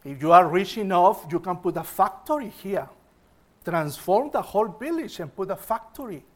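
A man's voice: high-pitched, animated, normal speed. A man voicing an ambitious male business executive who lays out his plans step by step, often opening with "well". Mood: persuasive. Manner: eager, explaining step by step, opens with "well".

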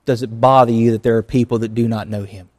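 Male pastor, mid-pitched voice, easygoing conversational sermon delivery. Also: steady tone, quick pace, darkish tone. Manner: conversational preaching with acted asides.

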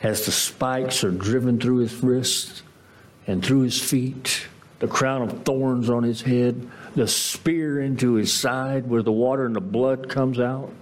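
A man preaching a sermon as pastor, emphatic, with dramatic swings in pitch. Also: fairly even intonation, slow pace.

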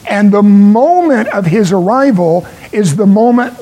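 A man preaching a sermon as pastor, earnest and emphatic, with pauses for stress. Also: high-pitched, expressive, a little mellow, poor audio.

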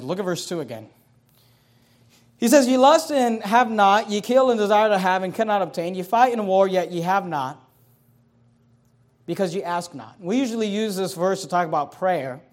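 A male pastor preaching a sermon with passion, building repeated phrases up to loud, emphatic peaks. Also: sits high. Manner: repetitive preaching cadence.

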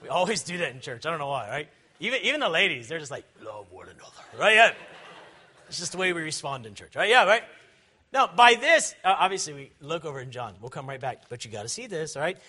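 A man, a pastor, preaching an impassioned sermon that swings from loud shouting to quiet, conversational asides. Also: a little high, big pitch swings, quick pace.

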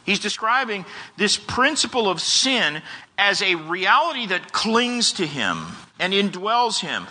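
A man preaching an expository sermon as a pastor, speaking in an earnest, measured way and reading long quotations. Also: high-pitched, bright, forceful tone. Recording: long reverb of a large hall.

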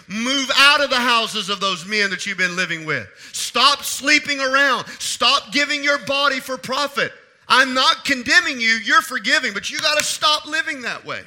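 A man preaching a sermon as pastor, impassioned, rising to shouts and dropping low to speak quietly. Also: moderate pace.

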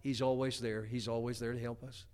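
A man's voice: medium pitch, little pitch movement, a little fast, darkish tone, clean tone. Guy preaching, folksy sermon, stammers and restarts a lot, mid-range voice. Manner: homespun, chatty, many restarts and stammers.

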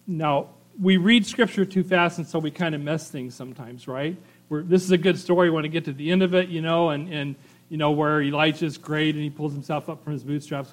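A middle-aged male pastor preaching a sermon in a conversational way, reading scripture and often adding "right?" and "you know" as asides. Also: a little high.

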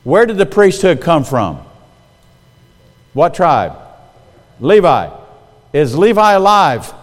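A man preaching a sermon with a somewhat high voice and lively delivery. He asks his audience direct questions. His voice rings out with the long reverb of a large hall. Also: slow. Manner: animated, talks straight to the audience with questions.

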